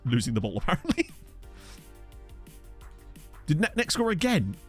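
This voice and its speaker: A man streaming a football management game, chatting fast with his viewers, laughing often and getting excited at the action. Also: a little high, slightly rough, faint music behind. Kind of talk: casual live-stream commentary with chat. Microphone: desk microphone.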